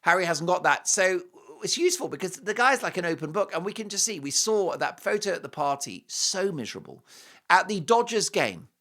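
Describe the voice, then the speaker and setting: A middle-aged British man with a British accent hosts a talk show, delivering an opinionated monologue packed with mocking, jokey asides. His high, fairly bright voice is sing-song and a little fast.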